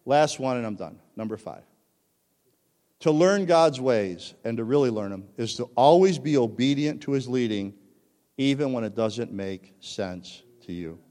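Pastor, male, middle pitch, lively storytelling sermon; long hall reverb. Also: measured pace. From Italian-American family. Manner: storytelling, animated, acts out voices.

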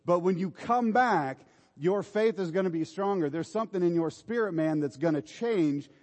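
A man's voice: high voice, normal speed, a little mellow, in a large hall. A man preaching a sermon in an informal, exhorting way, urging his listeners on. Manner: informal, exhorting, repeats "come on".

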